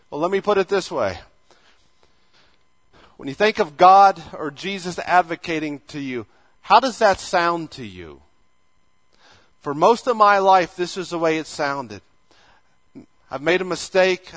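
A man's voice: high-pitched, fairly bright tone. A male pastor preaching a conversational sermon, acting out imagined dialogues as he goes.

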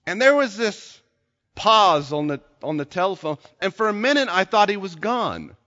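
A man delivering a sermon in a high, bright voice. He tells a story in hushed tones, then rises to shouted passages. The sound is dull and carries the long echo of a large hall. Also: very animated, normal speed. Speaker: preacher.

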